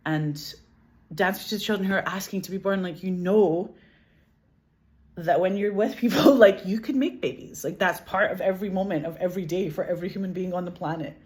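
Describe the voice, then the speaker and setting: Brisk and on the low side, this Glaswegian woman from Scotland is an animated interview guest in casual chat. She laughs a lot, swears, and says "like" constantly.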